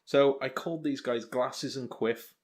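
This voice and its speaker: In an unhurried mid-range voice, a young podcast co-host loosely recaps an episode during casual chat. He jokes at his own expense and keeps saying um.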